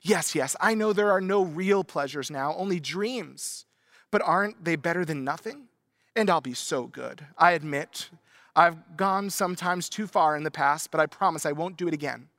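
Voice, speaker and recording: A man puts on a small, wheedling lizard that pleads and bargains in a raised, slightly gravelly voice. The delivery is dry and close, with no room sound. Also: on the high side, moderate pace, a bit bright, dry recording.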